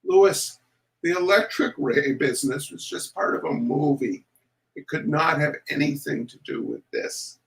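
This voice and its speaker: A level-headed young boy from a storybook, played by a man and raised in pitch, talking in a doubtful, reassuring way. He speaks slowly and lets his voice rise and fall widely. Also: lively intonation, gravelly. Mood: earnest. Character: sensible young boy, trying to be brave.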